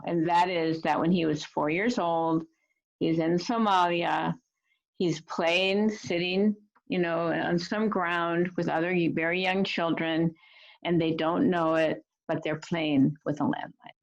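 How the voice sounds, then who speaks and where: Gentle earnest woman on a video call, kinda low and gravelly, muffled sound. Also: fairly even intonation, a little slow. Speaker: storyteller and teacher of refugee youth. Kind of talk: reflective storytelling talk.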